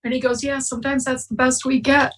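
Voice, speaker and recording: A woman's voice: high voice, flat delivery, a little fast, fairly bright tone, distant mic, poor audio. A woman from Wisconsin speaking candidly and emotionally as a speaker at a recovery meeting. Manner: emotional, candid, choking up at times. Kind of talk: personal recovery share. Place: online conference, at home.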